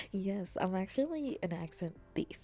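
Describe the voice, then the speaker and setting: A woman streamer chatting casually with her viewers, playful and often slipping into soft whispers. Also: lowish voice, creaky. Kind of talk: casual chat.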